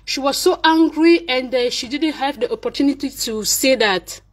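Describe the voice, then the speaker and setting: Brief: high-pitched woman with a French accent, casual vlog message, halting and full of fillers, mixes English with French. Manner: hesitant, switches between English and French, many fillers. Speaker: vlogger speaking to a fellow live-streamer.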